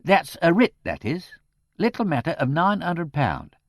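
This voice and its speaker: A man voicing a brash, cocky debt collector who talks loud and slangy. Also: on the high side, big pitch swings, a little slow, no room sound, studio quality, voice pushed up. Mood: blunt.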